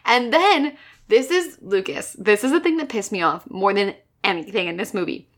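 A woman's voice: mid-range voice, lively intonation, normal speed, fairly bright tone. A woman co-hosting a podcast, casually picking apart a movie, emphatic and exasperated, swearing now and then. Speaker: podcast co-host.

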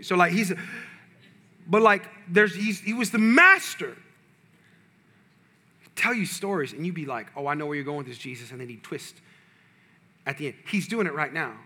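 Man, pastor, sermon, high voice, very bright tone, lively funny storytelling. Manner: animated, humorous storytelling to a congregation.

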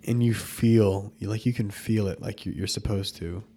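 A man co-hosting a podcast, talking haltingly with many fillers about feeling a spiritual nudge. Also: on the low side, fairly even intonation, mellow, slightly rough. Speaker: podcast co-host. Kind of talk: casual faith chat.

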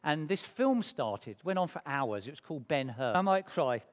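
A man telling his life story to a church congregation in a lively, self-mocking way, acting out the dialogue. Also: on the high side, moderate pace. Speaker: speaker sharing his testimony to a church congregation. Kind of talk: personal storytelling. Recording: long reverb of a church hall.

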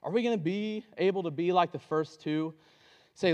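A man preaching a sermon in a casual, conversational way, acting out the characters of a parable in quick dialogue. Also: high voice, a little mellow, in a large hall.

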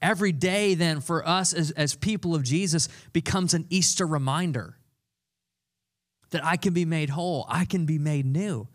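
A man's voice: a little high, normal speed. A young adult man preaching a sermon, earnest and conversational, repeating key phrases for emphasis. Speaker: pastor.

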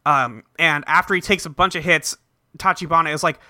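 Podcast host, male, bright and dry, animated recapper. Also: on the high side, no echo. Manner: animated storyteller who drops into quick voices for characters. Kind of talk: casual chat.

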